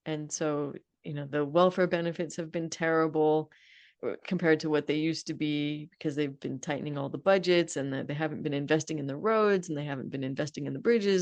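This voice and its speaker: A woman's voice: low voice, darkish tone, dry recording. Earnest, talkative woman podcast host. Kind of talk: casual interview chat. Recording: dry close sound.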